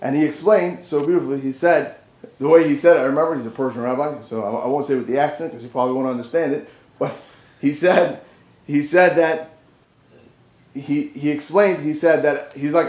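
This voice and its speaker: Man, high voice, Torah class, animated, echoey room. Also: brisk. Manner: animated, dips low for asides and rises for emphasis. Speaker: Torah teacher. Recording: roomy echo.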